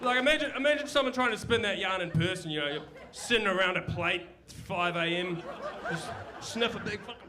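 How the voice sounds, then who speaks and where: A man's voice: high voice, animated, a little fast, crowd noise. A young man with a New Zealand accent doing a crude, rambling, self-deprecating stand-up set. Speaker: stand-up comedian. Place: comedy club stage. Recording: live club recording with audience laughter. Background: audience laughter.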